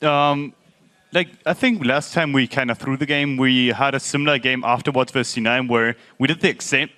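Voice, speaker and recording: A man's voice: mid-range voice, bright, forceful tone. A man answering post-match interview questions as a pro gamer, explaining strategy in a methodical, hesitant way.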